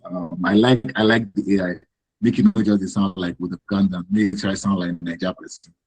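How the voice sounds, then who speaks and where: Low husky man hosting a workshop. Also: fairly even intonation, moderate pace, darkish tone, no room sound, rough recording. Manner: hesitant, many ums, friendly. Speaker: workshop host. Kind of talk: moderating an online workshop. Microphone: video call.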